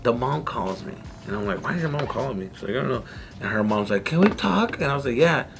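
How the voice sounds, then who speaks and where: A man's voice: medium pitch, expressive, fast, vocal fry, music in the background. A man co-hosting a podcast, telling a story in casual group chat, swearing a lot and acting out the quotes. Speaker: podcast co-host.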